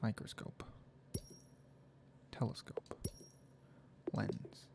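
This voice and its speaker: A gaming video creator thinks aloud while playing, rambling and often sliding into half-whispered muttering. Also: drawn-out words. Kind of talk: soft-spoken gaming commentary.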